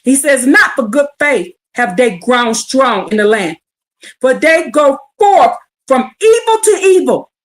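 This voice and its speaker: High-voiced woman preaching with fiery bluntness. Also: expressive, slow. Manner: blunt, fiery, profane asides between scripture; pleading rhetorical questions. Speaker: scripture teacher. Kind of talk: livestreamed Bible reading with commentary.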